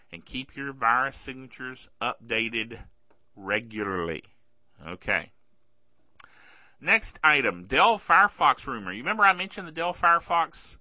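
Lively, sharp-voiced podcast man with a sore throat. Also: medium pitch, dry recording. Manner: chatty, sarcastic, keeps asking "okay?". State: throat trouble, keeps clearing his throat. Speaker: podcast host. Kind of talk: casual tech news commentary. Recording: dull lo-fi dry recording.

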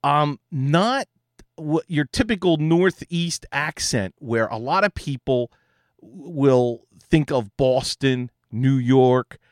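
A man's voice: medium pitch, lively intonation, takes it slowly, dry recording, studio quality. A man with a Philadelphia accent hosting a podcast, chatting casually as he thanks listeners and answers their messages. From Philadelphia, USA. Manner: chatty, thanks callers, restarts sentences. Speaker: podcast host.

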